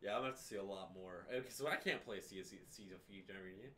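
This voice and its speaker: A man hosting a casual podcast chat, laid-back, laughing often and trailing off quietly. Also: low-pitched, very fast, a little hiss or hum. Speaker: podcast host.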